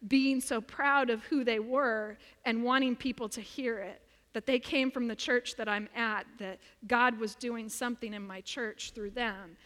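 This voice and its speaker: Woman pastor, high voice, emphatic repetitive sermon delivery, long reverb of a big sanctuary. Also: steady tone, measured pace, hardly any pauses, fairly bright tone. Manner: earnest, emphatic preaching with repetition. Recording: long reverb of a large room.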